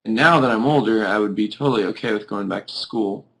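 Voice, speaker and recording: A drowsy young man with a fairly low voice chats with viewers over a webcam, rambling loosely and filling his sentences with "like". He keeps yawning and sounds casual. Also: fast, fairly bright tone, low-quality recording. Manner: rambling, peppered with "like". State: sleepy, yawning. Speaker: host of a live video chat. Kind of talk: casual chat answering viewers.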